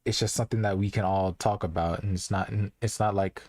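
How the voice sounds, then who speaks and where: A man's voice: low voice, steady tone, fairly quick, a little mellow, no room sound. Earnest rambling young man streaming. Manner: loose, rambling and earnest, heavy with "like" and restarts. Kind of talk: casual live-stream commentary.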